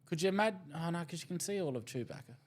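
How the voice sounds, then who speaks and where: A man with a high voice reading out crude jokes on a comedy podcast. He swears casually and laughs at his own punchlines. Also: animated, very fast. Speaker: podcast co-host.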